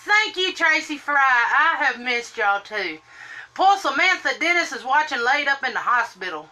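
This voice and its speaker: A woman's voice: high voice, big pitch swings, moderate pace, pushed and bright, slight background noise. A woman, chatting on a live stream while doing her makeup and greeting viewers by name in a sing-song lilt. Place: home room, indoors.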